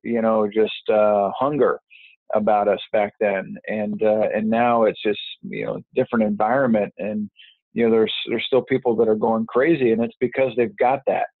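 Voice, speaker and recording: Heard through a tinny, dry phone line without room sound, a business networker gives an interview in a lowish voice with little pitch movement. He moves at a moderate pace, talking casually and rambling, with frequent fillers and restarts.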